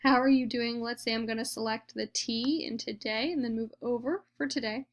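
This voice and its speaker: A woman's voice: fairly high pitch, fairly even intonation, moderate pace. A woman teacher walking through a screen-recorded tutorial, explaining each step patiently.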